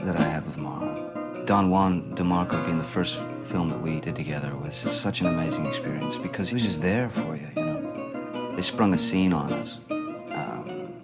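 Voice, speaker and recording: Middle-aged guy, really deep voice, rambling and chuckling through stories, you know. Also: moderate pace, over loud music. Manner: relaxed, rambling, full of "you know"s and laughs. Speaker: interviewee. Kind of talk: reminiscing interview.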